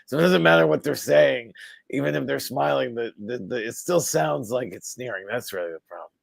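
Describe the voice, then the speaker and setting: A middle-aged man from the US East Coast with a gravelly, fry-heavy voice talks in a dry, rambling way and often repeats words. He is a stand-up comedian on a live video chat. His voice is close to the mic with no room sound. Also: medium pitch, expressive, fairly quick, no room sound. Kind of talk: casual chat.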